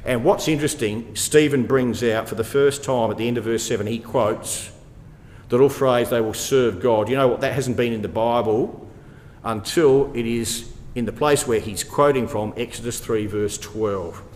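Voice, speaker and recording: A man's voice: mid-range voice, normal speed, a little mellow, a little hiss or hum. A man giving an expository Bible talk, asking rhetorical questions and hammering points home by repeating them. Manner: rhetorical questions, emphatic repetition. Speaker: Bible study speaker. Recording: long hall reverb.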